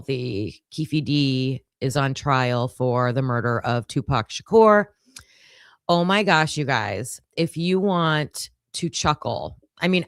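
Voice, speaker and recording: A woman's voice: low voice, smooth, no room sound, clean studio sound. A woman hosting a casual livestream with a groggy morning voice, chatting to her viewers with lots of fillers. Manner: chatty, filler-heavy, talks to chat. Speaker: livestream host.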